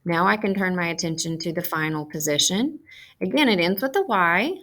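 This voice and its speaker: A woman giving a scripted phonics lesson, explaining sounds slowly and clearly. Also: on the low side, animated, fairly bright tone, poor audio. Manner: slow, clear teaching delivery. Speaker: reading teacher.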